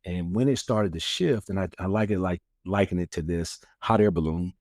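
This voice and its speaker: A man's voice: low voice, normal speed, darkish tone, no room sound, clean studio sound. A man, an author and guest, earnestly telling a personal testimony in a casual interview, acting out the lines of people he quotes. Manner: earnest storyteller who acts out quoted lines; many fillers and restarts.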